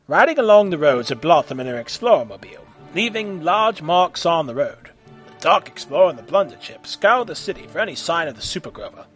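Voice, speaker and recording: Husky high-voiced male narrator. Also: big pitch swings, brisk, soft background music. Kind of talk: amateur audio story narration.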